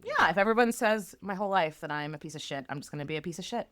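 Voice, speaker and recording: A woman's voice: on the low side, expressive, rapid-fire, a bit bright, dry recording. A woman co-hosting a casual history podcast, reacting playfully and laughing often. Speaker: podcast co-host.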